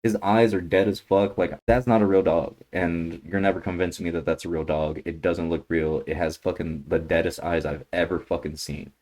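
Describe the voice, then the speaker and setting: A young man ranting through a trailer reaction, blunt and heavily profane, swinging from grumbling to shouting outrage. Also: sits low, fairly even intonation, moderate pace, few pauses. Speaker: YouTuber reacting to a movie trailer.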